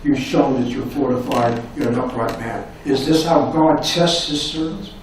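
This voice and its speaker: A man's voice: medium pitch, normal speed, far from the mic, a little hiss or hum. Impassioned man lecturing in an echoey hall. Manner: dramatic, impassioned delivery with many rhetorical questions; voice sinks to near-whispers at emotional moments. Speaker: professor giving a lecture. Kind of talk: public lecture. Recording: echoey hall recorded from afar.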